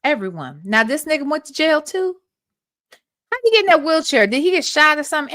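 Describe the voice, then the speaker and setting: A woman hosting a livestream gives blunt, profane commentary, talking back to the recordings she plays. Her high voice swings widely in pitch, fast and a bit bright, captured in clean studio sound with no echo.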